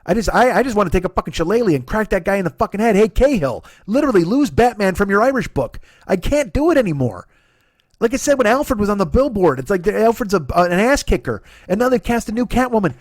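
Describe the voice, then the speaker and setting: A middle-aged male comedy podcast host delivers a profane comedic rant in a high, expressive voice at a quick pace. He's sarcastic and stammers through restarts, recorded on a dry close mic with no room sound.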